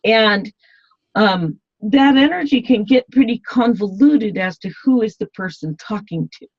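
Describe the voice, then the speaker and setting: A woman's voice: medium pitch, a little slow, breathy edge, no room sound. A woman guest in an interview, talking in a rambling way with many fillers and restarts. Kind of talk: casual interview talk. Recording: dull, dry lo-fi sound.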